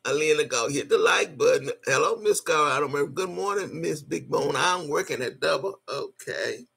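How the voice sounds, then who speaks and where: A woman's voice: low voice, animated, normal speed, gravelly, fairly bright tone, husky. A woman hosting a live stream, answering her chat and scolding a critic in a profane, mocking rant. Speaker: livestream host.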